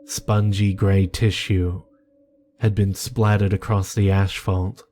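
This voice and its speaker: A man giving a measured, grave reading of a scripted horror story. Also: low voice, little pitch movement, darkish tone. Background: faint music.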